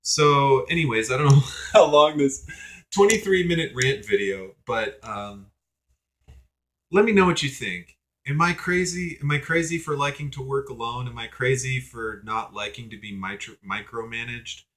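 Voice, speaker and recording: A man's voice: mid-range voice, normal speed, a bit bright. A young man venting in a casual video rant, exasperated and sarcastic, rambling with lots of ums and likes. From United States. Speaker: vlogger.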